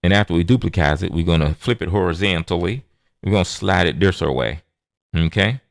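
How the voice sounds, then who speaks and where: Deep gravelly man walking through a drawing tutorial. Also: brisk, dry recording, clean studio sound. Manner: playful, addresses viewers as y'all, sound-effect words like boom and shaboom. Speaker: digital art tutorial host. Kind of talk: casual step-by-step drawing tutorial.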